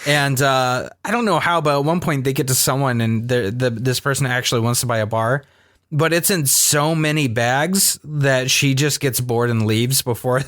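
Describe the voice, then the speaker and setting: A man co-hosting a podcast in casual chat, relaxed and thoughtful, often restarting his sentences. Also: mid-range voice, moderate pace, no echo, studio quality. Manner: relaxed, thoughtful, repeats words when starting. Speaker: podcast co-host.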